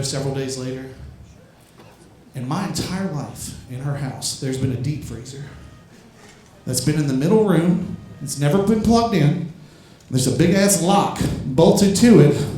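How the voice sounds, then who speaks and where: High-voiced man doing stand-up in an echoey club. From Louisiana, USA. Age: young adult. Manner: storytelling, swears freely, gets loud and high at punchlines. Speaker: stand-up comedian. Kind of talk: stand-up comedy set. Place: comedy club stage.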